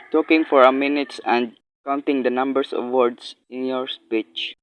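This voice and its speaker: A man's voice: mid-range voice, no room sound. A young man student giving plain advice in a class presentation. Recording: dry, dull lo-fi sound.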